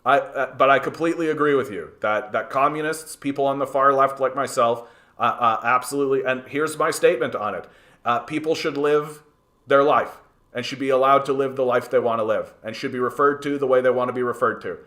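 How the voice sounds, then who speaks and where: Man, livestream host, heated rant, swearing, stammering restarts, mid-pitched voice. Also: fairly quick, bright, forceful tone. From Canada. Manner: swears freely. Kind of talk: livestream commentary reading chat.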